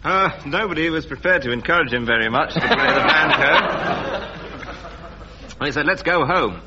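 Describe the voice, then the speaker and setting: A man's voice: on the high side, lively intonation, normal speed. A man on a radio comedy panel, adding to a silly story in a dry, hesitant way. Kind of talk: improvised comic storytelling. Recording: dull, very noisy old radio recording.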